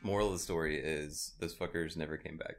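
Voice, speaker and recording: A man telling a profane story in casual chat, growing loud and laughing as it builds. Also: rumbling low, fairly even intonation, a little fast, heavy background noise. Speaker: storyteller on a podcast.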